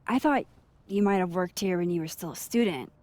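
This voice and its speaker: A woman's voice: fairly low pitch, a little fast, a little mellow, no echo, natural voice. An actress playing a dry, direct young woman investigating in a video game. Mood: wry. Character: wry young adult woman photographer investigating.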